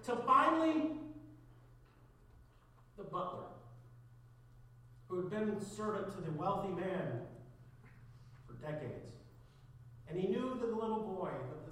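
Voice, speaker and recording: A man pastor preaching a sermon, telling a story with dramatic swings from loud to hushed. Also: high voice, lively intonation, normal speed, long pauses, slight background noise. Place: church sanctuary. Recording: echoey church, picked up from a distance.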